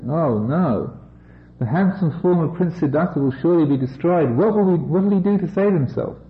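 A man's voice: fairly high pitch, expressive, normal speed, voice pushed up, lightly acted. A man voicing a crowd of anxious heavenly gods wringing their hands, in an echoey room. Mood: dismayed. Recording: echoey, slightly dull room recording.

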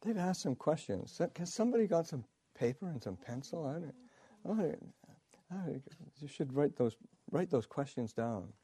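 A man's voice: fairly high pitch, sing-song, normal speed, warm tone, husky, dry recording, voice pushed up. A man voicing an older male meditation teacher, patient and earnest, explaining simply.

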